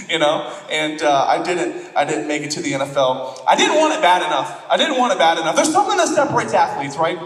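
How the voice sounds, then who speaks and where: A man's voice: high voice, very animated, quick pace, hardly any pauses, fairly bright tone, echoey room, big-room sound, distant mic, rough recording. A man from Florida preaching a sermon as pastor, joking and self-deprecating as he tells stories. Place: church auditorium.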